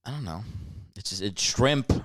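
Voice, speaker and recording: Podcast guest guy, lowish voice, deadpan jokes, dry close mic. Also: normal speed, no echo. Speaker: podcast guest, actor and writer. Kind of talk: casual comedic banter.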